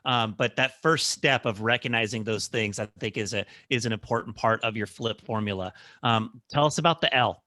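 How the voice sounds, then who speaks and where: A man's voice: medium pitch, normal speed, hardly any pauses, bright, forceful tone, no echo, clean studio sound. A man hosting a podcast, affirming his guest and asking questions while searching for words. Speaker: podcast host. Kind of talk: interview questions.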